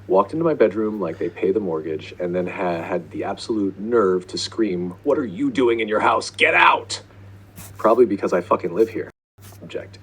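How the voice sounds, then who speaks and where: A man narrating angry complaint emails to parents in an exasperated, profane, deadpan comic manner. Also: sits low, a little hiss or hum, rough recording. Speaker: school principal character writing to parents.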